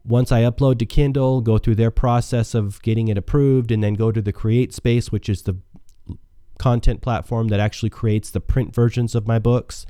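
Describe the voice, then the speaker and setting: A man's voice: mid-range voice, steady tone, normal speed, mellow, clean tone, no room sound, studio quality. A man with a scratchy voice hosting a solo self-help podcast, talking in an earnest, motivational way with frequent restarts. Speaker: podcast host.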